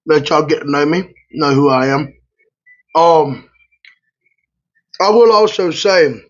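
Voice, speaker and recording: A man, a truck driver, chatting casually and rambling through stories while he eats in a hotel room. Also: on the high side. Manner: rambling, colloquial, loose. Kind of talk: casual storytelling while eating. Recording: slightly muffled lo-fi audio.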